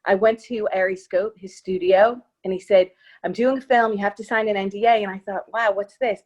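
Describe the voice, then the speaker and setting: A woman's voice: medium pitch, fairly even intonation, fairly quick, darkish tone, lo-fi sound. A woman being interviewed as an actress guest, chatting casually in a bubbly, gushing way.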